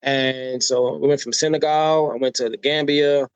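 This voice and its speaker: A man's voice: medium pitch, fairly even intonation, normal speed, smooth, dry recording, rough recording. An American man being interviewed on a podcast. He tells personal stories with energy and acts out the voices of people he quotes, often adding "right?" to draw the listener in. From United States. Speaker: podcast guest.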